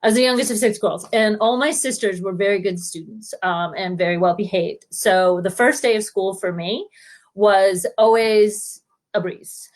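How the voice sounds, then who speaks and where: A woman tells funny stories from her own life, live from home over a laptop mic. Her telling is lively and full of laughter, and she slips into small voices for the people in her tales. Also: medium pitch, moderate pace. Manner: animated, laughs often, acts out quoted voices. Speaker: storyteller. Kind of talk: spontaneous comic storytelling.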